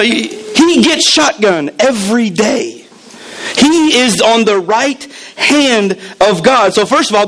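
A man's voice: high-pitched, a bit bright, slight background noise, poor audio. A man preaching a sermon as pastor, emphatic and repeating key words, acting out the voices he quotes.

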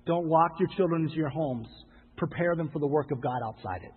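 A male pastor preaching a sermon, pleading with his listeners and rising to loud, impassioned exhortation. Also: a little high, a little fast, husky. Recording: phone-like sound with long hall reverb.

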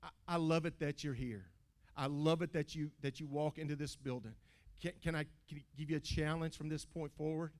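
A man, a pastor preaching a sermon in a church, animated and stammering, with folksy phrasing and call-outs to the congregation. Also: a little high, a little fast. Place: church building.

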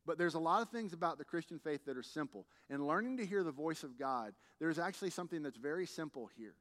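A male pastor delivers a sermon in a slightly higher voice, mixing humorous stories with emphatic peaks. His words ring out with a long reverb from a large church hall. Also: expressive, fast talker, a bit bright. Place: church sanctuary.

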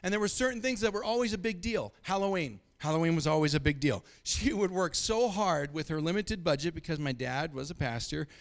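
Middle-aged guy from montana preaching, high voice, tells stories w/ little chuckles. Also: fairly quick, hardly any pauses. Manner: storytelling, chuckles often. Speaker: pastor. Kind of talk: sermon.

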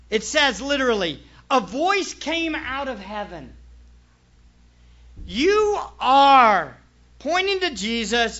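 A man preaching a sermon as pastor, emphatic, moving from hushed asides to shouted points. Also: sits high, muffled recording.

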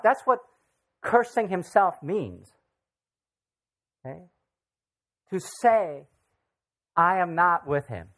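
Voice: mid-range voice, a bit bright. A pastor giving a sermon in a casual, conversational way, often asking the listeners questions. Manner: conversational, asks the audience rhetorical questions.

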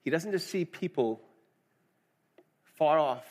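A man's voice: on the high side, measured pace, long pauses. A middle-aged man preaching a sermon, earnest and conversational, asking the congregation questions. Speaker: pastor.

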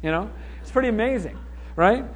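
High-voiced pastor preaching with animation. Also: male voice, brisk. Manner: animated, acts out voices of people in the story. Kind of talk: sermon.

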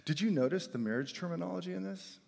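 A middle-aged man preaching a sermon with emphatic delivery, swinging between loud declarations and quiet, soft asides. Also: sits high, lively intonation, fast talker, vocal fry. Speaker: pastor. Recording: long hall reverb.

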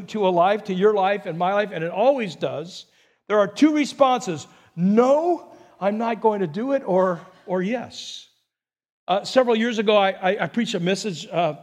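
A male pastor with a high-sitting voice preaches a sermon. He poses rhetorical questions to the congregation and repeats words as he builds his points.

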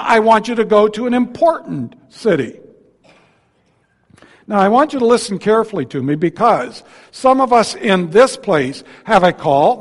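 A high-pitched man delivers a sermon in a church sanctuary, his voice trailing off in a long hall reverb. He talks in a folksy way and drops joking asides between his points. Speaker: guest preacher.

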